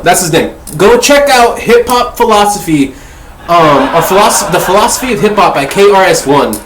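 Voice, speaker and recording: A man's voice: high-pitched, expressive, moderate pace, a bit bright. A man hosting a casual book discussion, rambling and swearing freely as he corrects himself mid-thought. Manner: profane, rambling, self-correcting. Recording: echoey room.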